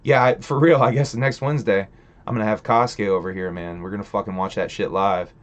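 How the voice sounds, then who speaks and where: A man's voice: fairly low pitch, fairly even intonation, fast talker. A man hosting a casual livestream, rambling profanely and chatting with viewers in the chat. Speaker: livestream host reading chat.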